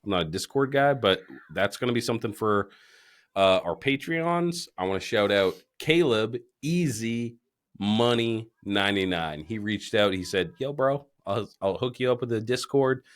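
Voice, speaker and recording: Guy hosting a podcast, low voice, cussing and joking around over beers. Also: lively intonation, moderate pace. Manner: profane, joking, loose from drinking beers. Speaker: podcast host. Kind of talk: casual chat.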